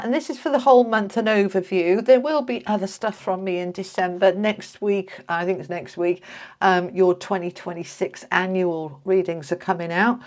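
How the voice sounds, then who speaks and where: A woman giving a casual, chatty tarot reading to camera, talking to her viewers like friends. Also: mid-range voice. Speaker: tarot reader.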